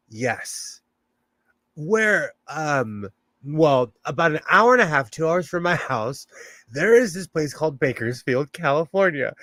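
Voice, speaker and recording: Chatty, laughing man, slightly high voice. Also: fairly bright tone, no echo. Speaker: livestream host reading chat. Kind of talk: casual chat on a live stream. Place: home in California.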